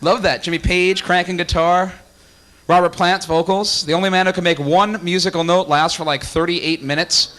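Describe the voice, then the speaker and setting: A man's voice: sits high, fairly even intonation, moderate pace, a bit bright, slight background noise. A man hosting a comedy night in a small cafe, joking with the crowd before bringing up the next act. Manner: joking, playful crowd banter. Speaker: host and emcee. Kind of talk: emcee stand-up banter. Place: small cafe stage with a live audience.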